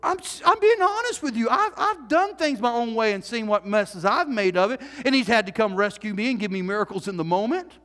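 This pastor's sermon comes fairly quickly with hardly any pauses, in a strikingly high voice that's earnest and animated. He keeps putting questions to the congregation and restarting phrases to press his point, and a long reverberation carries his words across the large church hall.

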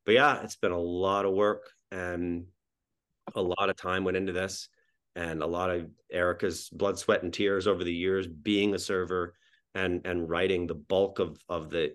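A man from New Brunswick with a very deep, low voice talks as a podcast guest about his sitcom. He rambles along, restarting sentences and repeating words as he goes. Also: a bit bright. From Miramichi, New Brunswick, Canada. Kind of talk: casual podcast interview.

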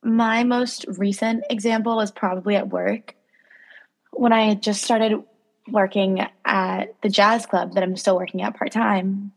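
A young woman co-hosting a relaxed podcast, her voice sitting in the middle of the range. She laughs often and tells her stories in a loose, rambling way, with fillers throughout. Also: medium pitch, creaky. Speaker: podcast co-host. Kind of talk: casual chat.

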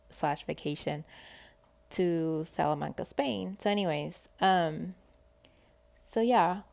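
Young woman rambling thru a story, bit of vocal fry, kinda low, lots of "like". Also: a little mellow. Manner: chatty, rambling, says "like" and "you know" a lot. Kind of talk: casual storytelling.

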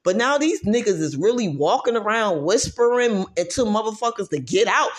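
A woman rants straight to her audience, profane and emphatic, hammering each point with repetition. Her voice sits at an ordinary middle pitch and jumps from loud, pushed outbursts down to low, muttered asides. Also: animated, moderate pace. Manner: profane, emphatic, repeats phrases for force. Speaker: vlogger. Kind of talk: heated ranting monologue.

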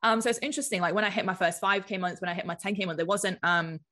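A woman's voice: medium pitch, rapid-fire, pushed and bright. A woman from the United Kingdom, a business mentor chatting casually as a podcast guest, filling her talk with "like". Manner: chatty, lots of filler "like".

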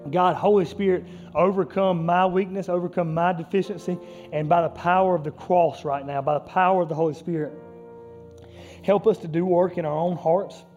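High-voiced man preaching with passion. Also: steady tone, normal speed, a little mellow, lo-fi sound, soft background music. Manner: impassioned preaching, rising and falling intensity. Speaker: pastor. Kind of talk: sermon.

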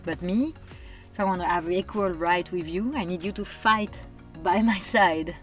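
A woman's voice: fairly low pitch, normal speed, soft background music. A woman, earnestly making her case in a casual conversation. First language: French. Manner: earnest, emphatic, persuasive.

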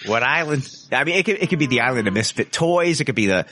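Casual profane male host, animated delivery, bright tone, dry close recording. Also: medium pitch, quick pace. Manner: loose, profane, joking. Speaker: podcast host. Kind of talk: casual chat.

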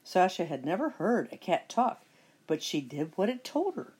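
A middle-aged woman reads a children's picture book aloud in an expressive, storytelling way. Her voice is low and a little husky, and it rises and falls in a lively way. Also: moderate pace. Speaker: storybook reader.

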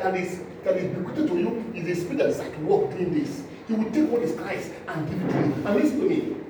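Impassioned high-voiced preacher in echoey hall. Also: male voice. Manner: impassioned, acts out scenes with a volunteer, swings from loud cries to low asides. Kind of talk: sermon. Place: church hall. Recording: echoey hall, distant mic, noisy.

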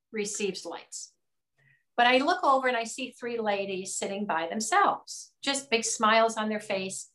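A woman, a nonprofit founder, telling a story as an interview guest, animated and full of restarts. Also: medium pitch. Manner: animated, acts out quotes, many restarts. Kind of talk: conversational storytelling. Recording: roomy echo.

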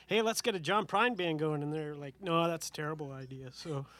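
A man's voice: on the high side, a little fast, fairly bright tone, no room sound. A man leading a band, chatting between songs on a live stage in a laid-back, rambling way with lots of fillers. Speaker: band leader. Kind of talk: casual stage banter. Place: live outdoor stage show.

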